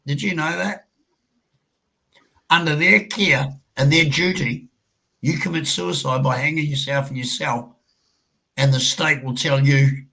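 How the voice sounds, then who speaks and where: An Australian man talking in blunt, sweary rants during casual chat. His voice is husky and bright, a little higher than most men's. He hammers his points home with heavy cursing. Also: a little slow, rough recording.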